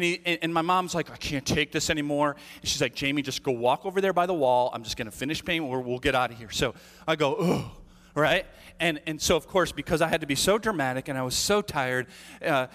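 Slightly high-voiced male pastor, reverberant hall. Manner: animated, conversational, often asks "right?". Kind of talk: storytelling sermon.

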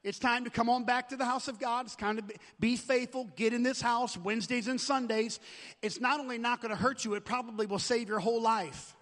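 A man's voice: extremely high pitch, fairly even intonation, brisk, a bit bright, in a large hall. A man preaching as a pastor, urging his congregation and often repeating and restarting his words. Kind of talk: sermon with prayer call. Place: church sanctuary.

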